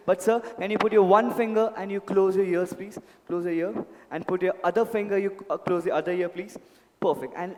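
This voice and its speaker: At a club event in a large hall, a man does live magic show patter into a handheld mic, politely coaxing volunteers and calling them sir and ma'am. His voice is high-pitched and a little mellow, with a big-room sound.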